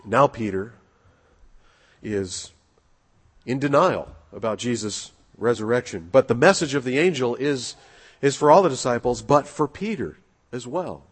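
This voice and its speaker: A man's voice: medium pitch, unhurried, slightly rough. A man preaching a sermon in an earnest way, repeating key phrases for emphasis. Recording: long echoing hall reverb.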